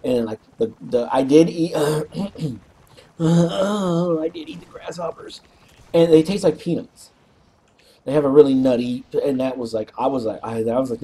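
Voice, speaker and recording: A man casually telling a rambling, animated story, clearing his throat often and swearing freely. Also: medium pitch, moderate pace. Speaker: co-op gaming channel host.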